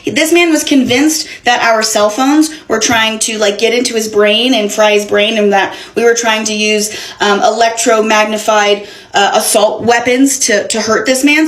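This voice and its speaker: A young woman telling a wild storytime in a casual, animated, profane way. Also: on the high side. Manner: animated, profane, dramatic retelling. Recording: echoey room.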